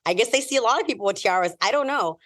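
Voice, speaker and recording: Fast-talking woman realtor telling stories. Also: on the high side. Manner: animated, acts out voices in her stories. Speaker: realtor, podcast guest. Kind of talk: casual storytelling in an interview.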